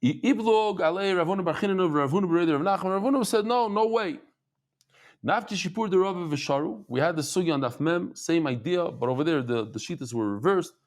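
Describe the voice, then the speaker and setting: Lively man teaching Talmud. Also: fairly high pitch, fast, few pauses. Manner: animated storytelling, acts out voices, laughs.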